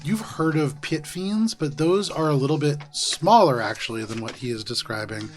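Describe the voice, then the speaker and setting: A man narrating as dungeon master in a tabletop role-playing game, describing scenes in a relaxed way with fillers. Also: on the high side, normal speed.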